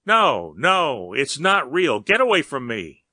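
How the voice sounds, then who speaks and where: A man's voice: medium pitch, huge pitch swings, slow pace, pushed and bright, dry recording, exaggerated voice. Man reading a story, doing a scared middle-aged guy begging, dry close voice. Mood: desperate. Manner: desperate, pleading. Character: frightened middle-aged man trapped in illusions. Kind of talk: audiobook reading.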